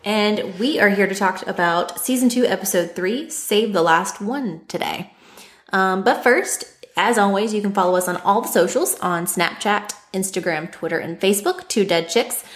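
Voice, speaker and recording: A chatty woman co-hosts a casual podcast, laughing easily as she talks. Her voice sits at a middling pitch, and the room around the mic is clearly echoey. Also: moderate pace. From Nashville, Tennessee. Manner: bubbly, laughs often, chatty. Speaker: podcast co-host. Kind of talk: casual chat.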